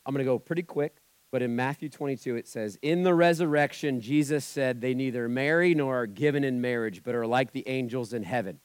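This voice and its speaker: A male pastor delivers a sermon in a loose, conversational way, slipping into quoted voices as he goes. His voice sits in a middle pitch. It is recorded close and dry, with no room echo. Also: brisk, clean tone.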